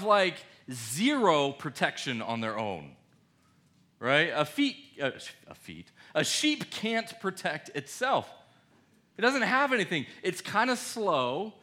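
A man preaching a sermon in a conversational, animated way, asking his listeners questions. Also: sits high. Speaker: pastor.

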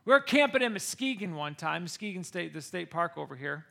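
Really high-pitched guy from michigan telling a story to the room, keeps asking "right?", bright tense voice. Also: sing-song, a little fast, gravelly. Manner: addresses listeners directly with frequent "okay?" and "right?". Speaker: speaker telling a personal story to an audience. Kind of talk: animated personal storytelling.

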